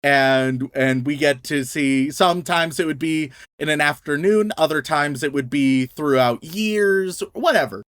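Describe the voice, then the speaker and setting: A man co-hosting a podcast, ranting in casual chat, swearing freely and breaking into laughs and shouts. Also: on the high side, a little slow, hardly any pauses, clean tone, dry recording, clean studio sound. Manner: profane, exasperated, laughs and shouts mid-rant. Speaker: podcast co-host.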